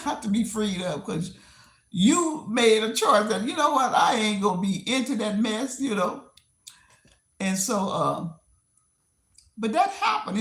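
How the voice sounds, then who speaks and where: A woman talks casually to her livestream viewers while she tidies her desk at home. She circles back over the same points and laughs easily. Her voice sits at an everyday pitch, and the room adds a noticeable echo. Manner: rambling and repetitive, with frequent laughs. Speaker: livestream host. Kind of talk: casual live-stream chat. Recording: roomy echo.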